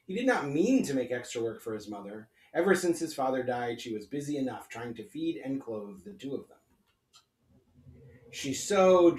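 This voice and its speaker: A rabbi reading a children's story aloud in an expressive storytelling manner. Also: male voice, medium pitch, recorded from a distance. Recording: echoey room, off-mic.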